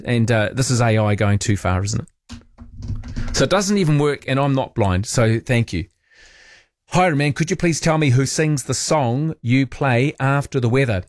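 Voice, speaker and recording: A man's voice: mid-range voice, lively intonation, normal speed, dry recording. A man hosting overnight talk radio from a studio, chatty and rambling as he reads out listener messages. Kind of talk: casual late-night radio chat. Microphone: studio microphone.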